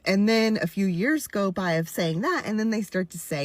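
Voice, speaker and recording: Stitching a video, a content creator in her forties talks candidly about her own experience in an expressive, medium-pitched voice at normal speed with hardly any pauses. She's earnest and emphatic, repeating things for stress, and there's no room sound.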